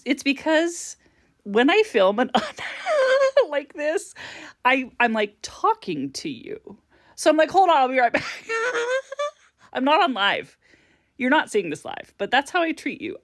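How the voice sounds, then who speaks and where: A woman's voice: fairly high pitch, no room sound, clean studio sound. A woman vlogger ranting casually to the camera, swearing freely and breaking into frequent laughter. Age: adult parent. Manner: animated, swears a lot, laughs often. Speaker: vlogger reviewing a TV series. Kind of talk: unfiltered casual rant to camera.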